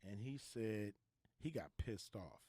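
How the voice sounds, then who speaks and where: A man as a podcast guest, telling a story in a laid-back, slangy, animated way. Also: on the low side, slow, breathy edge, dry recording, clean studio sound. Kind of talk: casual storytelling.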